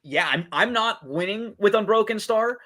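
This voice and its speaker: Man, podcast co-host, bright voice, slightly high, chatty with fillers. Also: animated, moderate pace. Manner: chatty, many fillers and restarts. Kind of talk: casual betting talk. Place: podcast setup.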